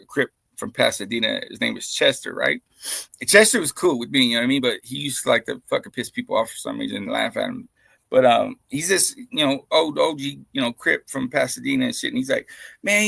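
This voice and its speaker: A man with a deep gravelly fry and a husky, rough edge tells crude, animated stories, laughing and swearing through them. His tone is bright and forceful, and the sound is close and dry, like a streaming mic in a small room. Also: no echo. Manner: profane, laughing, animated anecdotes. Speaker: co-host telling stories. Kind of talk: casual storytelling chat. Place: home streaming setup. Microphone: streaming microphone.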